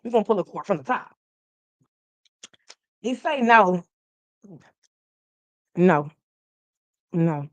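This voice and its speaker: A woman hosting a live stream of tarot readings, joking and preaching straight to her viewers in a casual, animated way. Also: fairly low pitch, takes it slowly, pauses often, dry recording, dull audio.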